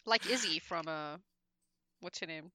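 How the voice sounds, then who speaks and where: A woman in casual chat as a podcast co-host, animated and laughing, with some swearing. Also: low voice, measured pace, background noise.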